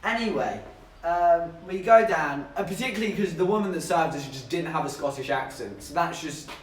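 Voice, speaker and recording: A man's voice: a little high, normal speed, a little hiss or hum. A young man streaming live and telling a story in a rambling, jokey, self-mocking way while he talks to his chat. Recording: roomy, distant from mic.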